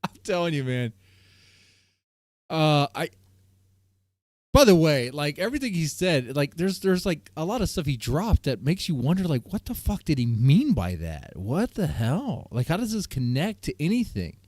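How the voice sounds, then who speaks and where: Incredulous reacting man, lively pitch. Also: normal speed, no echo. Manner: incredulous, questioning, laughs at the clip. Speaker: streamer host reacting to a clip. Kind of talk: reaction commentary.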